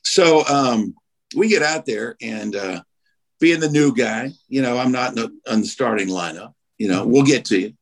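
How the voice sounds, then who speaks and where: Man telling a lively story. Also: medium pitch, moderate pace. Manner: animated storyteller acting out quotes. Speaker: radio show regular telling a story. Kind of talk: casual storytelling chat.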